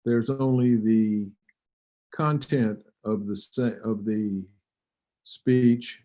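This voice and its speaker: Man, academic lecture, slow delivery, dull lo-fi recording. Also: on the low side, steady tone, mellow. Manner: slow, measured, halting with fillers and throat clearing. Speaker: linguistics lecturer.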